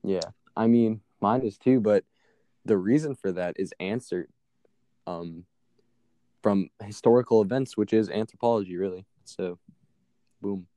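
A man's voice: lowish voice, unhurried, long pauses, mellow, dry recording. A young man casually telling a long, profane story as a podcast co-host, laughing now and then.

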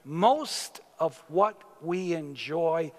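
A male pastor preaches at a slow, deliberate pace, his voice sitting a little higher than most men's. He builds to sudden emphatic rises now and then. The sound carries a long reverb, as if heard in a church hall. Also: lively intonation, a little mellow. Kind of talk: sermon.

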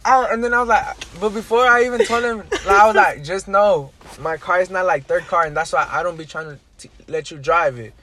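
A young man in casual chat, an animated storyteller who uses heavy slang and profanity and acts out the quotes. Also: sits high, a little fast, few pauses, slight background noise.

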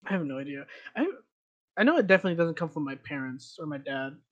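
A man's voice: fairly high pitch, expressive, fast talker, dull audio. Young guy, tiny hispanic accent, rambly podcast chat, lots of likes and ums. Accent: slight Hispanic. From United States. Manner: rambling, laughs often, many likes and ums. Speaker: podcast co-host. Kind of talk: casual chat.

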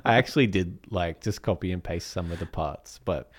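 Relaxed low-voiced Australian man. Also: a little fast, breathy edge. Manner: rambling, relaxed, with fillers. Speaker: podcast co-host and musician. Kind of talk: casual chat.

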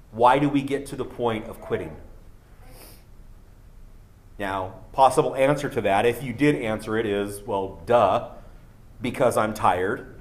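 A man preaching a sermon, earnest and building to emphatic peaks, with a cough. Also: mid-range voice. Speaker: pastor.

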